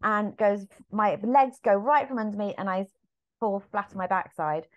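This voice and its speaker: A woman with an English accent, a musical theatre actress chatting as a podcast guest and telling lively anecdotes, acting out the lines she quotes. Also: medium pitch, moderate pace, lo-fi sound. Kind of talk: casual anecdotal chat.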